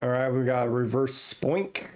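A man casually chatting and thinking aloud as he opens trading card packs at a home desk setup, getting excitable over his pulls. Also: mid-range voice, unhurried. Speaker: card-opening vlogger. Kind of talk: casual unboxing chat.

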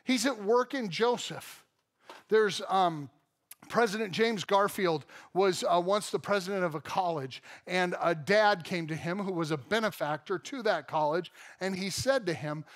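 A man's voice: sits high, normal speed. A man in his thirties, a pastor with a Midwestern American accent, preaching a conversational, joking sermon in a church auditorium. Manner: conversational, jokey preaching with sudden loud outbursts.

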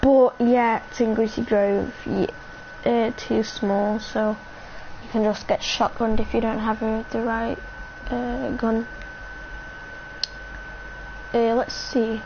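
A woman's voice: fairly high pitch, level tone, slow pace. A woman giving rambling, chatty live commentary on her game and talking to her viewers. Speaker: game streamer. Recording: dull lo-fi mic with faint hiss.

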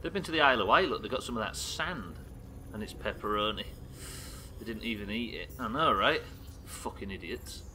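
A man from the UK streaming a game live, swearing often and reacting loudly between muttered asides. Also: on the low side, expressive, brisk, slight background noise. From United Kingdom. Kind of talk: live gameplay commentary.

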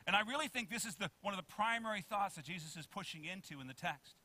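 A pastor preaching with a bright, somewhat high voice. He keeps asking the congregation to read along and answer. He drops from loud emphasis to soft, low asides. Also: expressive, fast talker, no room sound. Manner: preaching with many questions to the congregation. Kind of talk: sermon.

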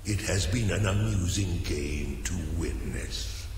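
An actor playing a cruel, commanding male demon prince who speaks slowly and grandly in game audio. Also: sits low, darkish tone, a little hiss or hum. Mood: menacing. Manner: slow, grand, threatening. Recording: echoey game audio with long reverb.

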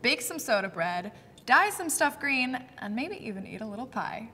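A woman's voice: on the high side, very animated, moderate pace, bright, forceful tone, long reverb tail, a little hiss or hum. A woman co-hosting a web show in an upbeat, jokey way. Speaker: co-host.

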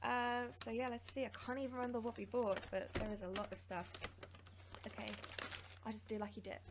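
A woman hosting a casual taste-test vlog, bubbly and excitable, gasping and giggling. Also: a little high, brisk, very noisy. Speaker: YouTuber.

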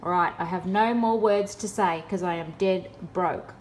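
A woman's voice: fairly low pitch, moderate pace. A woman in a casual vlog, talking in a sarcastic, exasperated way. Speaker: vlogger.

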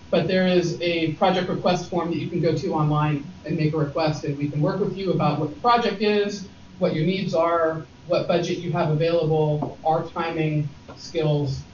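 A man's voice: fairly high pitch, steady tone, moderate pace, darkish tone, a little hiss or hum. A man gives a casual, rambling workshop presentation and pokes fun at himself now and then. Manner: casual, rambling, self-deprecating. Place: meeting room. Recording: distant, muffled, roomy.

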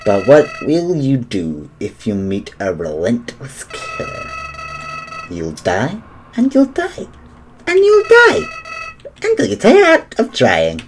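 A man's voice: wildly swooping pitch, slow, slight background noise. A man voicing a sinister, mocking little flower creature with a taunting sing-song manner. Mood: menacing taunting. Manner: taunting, sing-song, swinging wildly in pitch.

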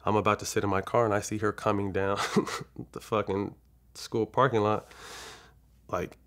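Gravelly low-voiced man telling a story. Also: level tone, moderate pace, fairly bright tone. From California, USA. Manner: frank and profane, acts out quoted dialogue; rambling, with frequent restarts. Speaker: interview guest. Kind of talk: casual storytelling interview.

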